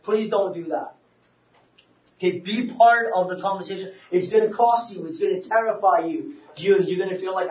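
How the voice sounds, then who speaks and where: A man giving an animated church talk to a group, telling stories with many restarts. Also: sits high, moderate pace. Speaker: speaker. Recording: roomy, distant, dull lo-fi sound.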